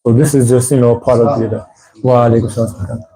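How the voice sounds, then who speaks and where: A man teaching at a weekly mosque gathering, talking in a conversational, rambling way and getting animated when he quotes people. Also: medium pitch, a little fast, rough recording. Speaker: religious teacher. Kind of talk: informal religious talk.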